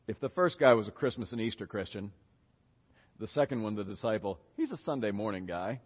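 Animated preacher in an echoey hall. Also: male voice, lowish voice, fairly quick, slightly rough, dull audio. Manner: animated storytelling, voicing biblical characters in casual speech. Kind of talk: lively sermon with acted-out dialogue.

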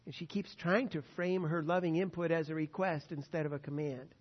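High-voiced man preaching in a church hall. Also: steady tone, brisk. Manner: storytelling, rising to emphatic passages then hushed. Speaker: pastor. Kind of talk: sermon. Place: church sanctuary. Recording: muffled sound in a large reverberant church hall.

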